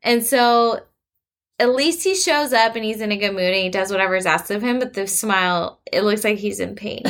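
A woman's voice: mid-range voice, moderate pace, a bit bright. A woman in her thirties hosting a casual chat, chatty and laughing often as she acts out what her family says. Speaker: podcast host, mother of three.

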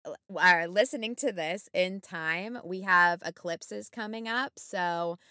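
A woman co-host tells a story in a casual, lively way, full of fillers, and acts out the lines people said. Her voice is bright and clear. The recording is close and dry, with no room sound. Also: fairly low pitch, unhurried, no room sound. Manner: animated, many fillers, acts out quotes. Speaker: podcast co-host.

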